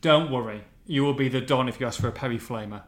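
A man's voice: mid-range voice, quick pace. A man hosting a casual podcast, bantering and calling people mate. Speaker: podcast host and fan interviewer. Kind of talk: casual chat.

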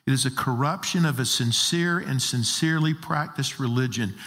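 A man preaches at a middle pitch, pressing his points with rhetorical questions. His voice rings with the long reverb of a large hall. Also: normal speed, a bit bright. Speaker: pastor. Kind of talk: sermon.

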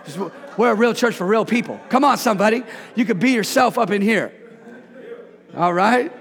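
High-voiced gravelly preacher in a reverberant church. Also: male voice, moderate pace, a bit bright. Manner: playful call-and-response preaching with laughs. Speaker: pastor. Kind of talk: sermon. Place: church sanctuary. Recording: long reverb of a church hall.

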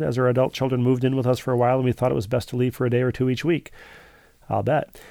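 A man's voice: medium pitch, vocal fry, a little mellow, no room sound, studio quality. A man co-hosting a podcast, reading listener emails aloud and wandering off into rambling asides in casual chat. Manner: rambling, digressive, full of asides. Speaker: podcast co-host.

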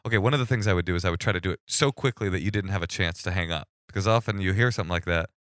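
Bright-voiced man telling animated stories. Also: low-pitched, very fast, no echo, clean studio sound. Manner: animated, acts out callers with sudden shouted bursts. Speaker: guest storyteller. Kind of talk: casual storytelling chat.

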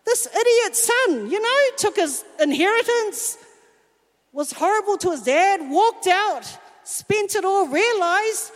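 A woman's voice: very high voice, animated, takes it slowly. A woman telling a candid, self-mocking personal story in a sermon. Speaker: speaker at a church talk. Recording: long hall reverb.

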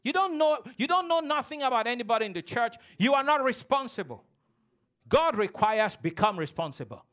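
A man's voice: extremely high pitch, sing-song, brisk, fairly bright tone. A male pastor preaching a sermon to a congregation, calling for responses and acting out childish quarrels. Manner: preaching with call-and-response, mimicking childish voices. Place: church.

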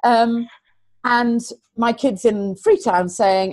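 A middle-aged woman, a teacher, talking earnestly in an interview and telling stories with lively, repeated emphasis. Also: mid-range voice, moderate pace, no room sound. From England. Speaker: teacher and guest. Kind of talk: conversational interview.

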